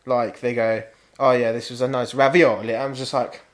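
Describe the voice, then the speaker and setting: A man's voice: mid-range voice, little pitch movement, moderate pace, crowd noise. A man, a podcast co-host ranting casually and swearing. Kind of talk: casual chat.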